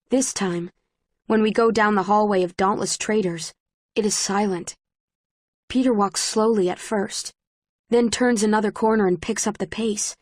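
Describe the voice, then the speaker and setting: A woman's voice: medium pitch, no room sound. Woman narrating an audiobook, dry and close. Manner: measured, present-tense storytelling. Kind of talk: first-person scripted narration.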